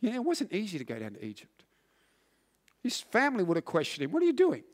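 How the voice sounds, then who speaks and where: A man preaching a sermon, earnest and emphatic, often restarting words and swinging from loud to hushed. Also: high-pitched, wildly swooping pitch, fast talker. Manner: frequent word restarts.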